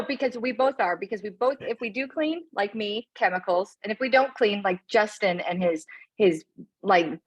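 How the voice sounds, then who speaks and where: A woman's voice: on the low side, husky, low-quality recording. A woman co-hosting a podcast, chatty and teasing, with lots of fillers. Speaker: podcast co-host. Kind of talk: casual chat. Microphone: phone.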